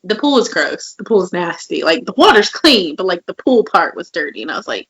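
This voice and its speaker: A woman's voice: mid-range voice, lively intonation, normal speed, fairly bright tone, slightly rough, poor audio. A woman in her twenties co-hosting a podcast, telling candid personal stories in casual chat and acting out quoted lines. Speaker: podcast co-host.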